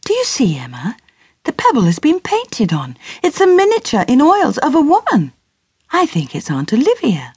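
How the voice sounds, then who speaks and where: A woman's voice: high-pitched, wildly swooping pitch, moderate pace, a little mellow, breathy edge, no echo, studio quality, pitched above the performer's own voice, full character voice. A woman voicing an earnest, lovestruck young upper-class man who speaks politely and eagerly. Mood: curious.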